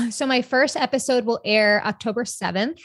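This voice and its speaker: A young adult woman co-hosting a podcast, talking in a candid, rambling, expressive way. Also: a little high, normal speed, dry recording, studio quality. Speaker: podcast co-host. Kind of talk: casual chat.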